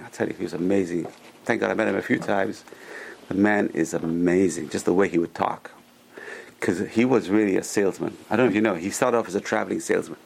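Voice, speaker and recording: A man's voice: fairly low pitch, gravelly, a little hiss or hum. A man teaching a Torah class to a small group, enthusiastic and often exclaiming as he tells stories. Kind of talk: classroom Torah lecture with storytelling.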